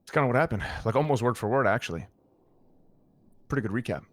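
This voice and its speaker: In an online roleplay, this gang-member character relates a heated, profane account to his friend. His medium-pitched voice is expressive and quick, and the recording is dry.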